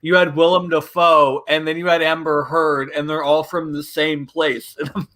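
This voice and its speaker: A man guesting on a casual film chat, musing aloud with lots of "like" and a relaxed delivery. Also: fairly high pitch, moderate pace. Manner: relaxed, hedging with fillers like "like".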